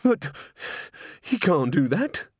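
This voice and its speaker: A man's voice: high voice, lively intonation, slow, no echo, clean studio sound, pitched above the performer's own voice, heavily acted. A man voicing a nervous old woman bar attendant in an audiobook, flustered and hesitant.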